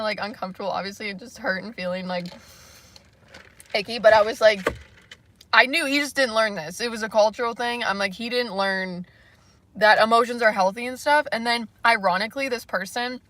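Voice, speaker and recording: A young woman from Canada chatting casually on a livestream, rambling through stories and reading comments, full of "like" and quick laughs. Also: a little high, pushed and bright, a little hiss or hum. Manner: rambling, laughing often, lots of "like". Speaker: livestream host.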